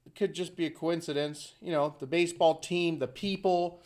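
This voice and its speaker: A man with a high voice talks casually to his viewers, rambling from point to point with plenty of asides. He stays informal and chatty throughout. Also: steady tone, normal speed, a little mellow. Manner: rambling, conversational, fond of asides. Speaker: video host. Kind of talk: casual commentary to camera.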